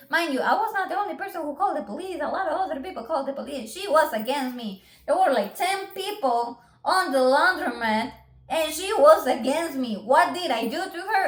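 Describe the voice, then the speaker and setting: A young woman tells a story in a casual vlog, with a high, expressive voice. She is animated and lively as she relates what happened. Her voice rings in an echoey room. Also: moderate pace. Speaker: vlogger telling a story.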